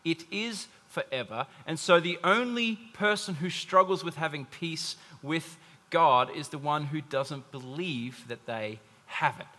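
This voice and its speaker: The voice belongs to a man, a pastor, that sits a bit high and comes across bright and forceful without any rush. Addressing a congregation in a church hall, he keeps the sermon conversational and humorous with frequent asides, and the hall's long reverb is clearly audible.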